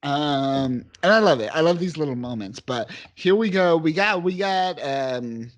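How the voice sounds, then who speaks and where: A man's voice: on the high side, expressive, a little slow. Chatty man enthusing over comics. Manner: enthusiastic, rambling with restarts and laughs. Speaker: podcast co-host. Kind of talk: casual comic book discussion.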